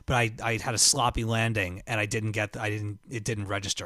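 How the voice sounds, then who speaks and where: A man's voice: lowish voice, level tone, brisk, sharp tone, no room sound, studio quality. A man co-hosting a gaming podcast, talking eagerly with stumbling restarts. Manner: enthusiastic, hesitant restarts. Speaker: podcast co-host. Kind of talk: casual gaming podcast chat.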